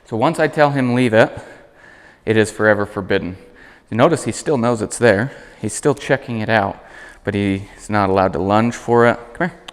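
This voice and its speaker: Calm low-voiced male dog trainer. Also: moderate pace, long reverb tail. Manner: calm explaining, high praise voice for dog. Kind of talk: instructional demonstration.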